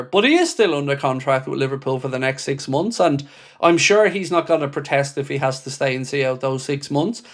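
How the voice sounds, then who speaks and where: Male stream host, fairly high-pitched, blunt and impassioned, swears freely while answering viewer comments. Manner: reads viewer comments aloud and answers them. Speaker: football fan channel host. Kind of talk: livestream reaction chat.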